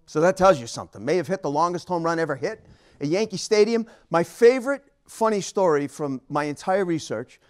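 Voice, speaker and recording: A man speaking as an author at a book talk, telling stories in an animated, emphatic way and chuckling along. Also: on the high side, fairly quick, clear, resonant tone. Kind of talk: storytelling lecture.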